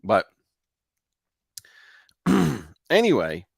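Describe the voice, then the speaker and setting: A man co-hosting a show, casually retelling a ghost story in a loose, halting way. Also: mid-range voice, huge pitch swings, vocal fry, breathy edge, no echo, studio quality. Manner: loose, with fillers and restarts. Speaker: co-host.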